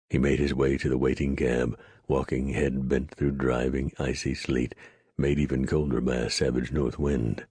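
A man narrating an audiobook in a steady, measured storytelling voice. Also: rumbling low, breathy edge, no echo. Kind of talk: scripted narration.

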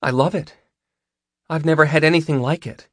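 A male narrator voicing a shy, tender young woman who speaks softly and with wonder. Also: a little high, fairly even intonation, normal speed, dry recording, voice pushed up, close to an everyday voice. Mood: earnest. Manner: soft, hushed and wondering. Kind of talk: audiobook character voice.

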